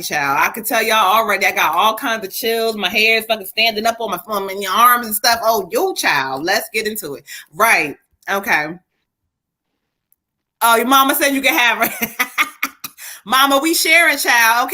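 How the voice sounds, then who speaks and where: A woman tarot reader on a live stream, speaking in a bright, slightly high voice. She giggles often and swears casually while she passes along messages. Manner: giggly, animated, swears freely. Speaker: psychic reader. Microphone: webcam or phone on a live stream.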